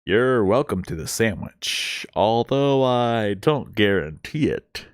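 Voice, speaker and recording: A man voicing a weary middle-aged scientist who mutters slowly to himself, read in a storybook style. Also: lowish voice, expressive, smooth, no room sound, clean studio sound. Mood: sympathetic.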